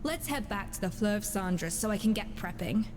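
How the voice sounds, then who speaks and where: An actress playing a composed female master chef in a game, speaking in a calm, gently teasing way. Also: medium pitch, moderate pace, background noise, lightly acted. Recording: game audio with reverb and music.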